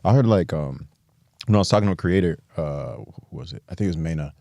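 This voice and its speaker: A man's voice: deep voice, fast talker, warm tone, dry recording, clean studio sound. An American man hosting a podcast in casual, laid-back chat, laughing easily. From United States. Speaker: podcast host.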